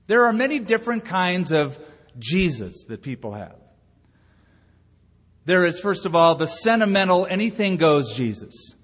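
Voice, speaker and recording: A man's voice: fairly high pitch, sing-song, moderate pace, husky. A male pastor delivering a sermon, telling a story and building to emphatic points. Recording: long reverb of a church hall.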